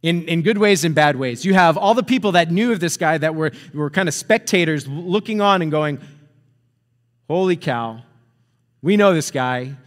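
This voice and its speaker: Chatty preacher in a reverberant hall. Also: male voice, fairly high pitch, brisk, hardly any pauses. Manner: conversational, chuckling, checks in with "right?". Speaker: pastor. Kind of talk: storytelling sermon.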